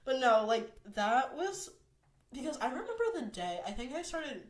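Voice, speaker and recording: A young woman hosting a podcast and retelling workplace drama in a loose, rambling way. She keeps slipping into quick quoted lines from other people and stacks up fillers as she talks. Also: high-pitched. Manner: animated storytelling with frequent fillers and quoted asides. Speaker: podcast host. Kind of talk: casual chat.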